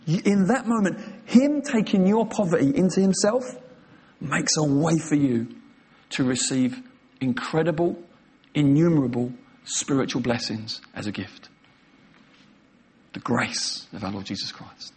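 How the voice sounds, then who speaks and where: A man delivers a sermon in an impassioned, emphatic voice that sits a little higher than most men's. He retells scenes vividly and leans hard on his key phrases. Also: animated, unhurried, darkish tone. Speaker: preacher.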